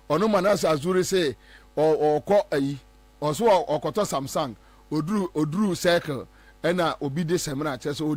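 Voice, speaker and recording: A man's voice: high-pitched, no echo. A Ghanaian man hosting a talk show, giving emphatic, repetitive political commentary and mocking others.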